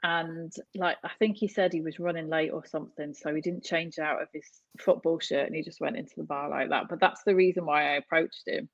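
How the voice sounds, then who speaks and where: A woman's voice: low voice, steady tone, fairly quick, vocal fry, few pauses, dry recording, lo-fi sound. A woman in her thirties from North West England, a podcast guest chatting casually and laughing often as she retells stories. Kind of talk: casual chat.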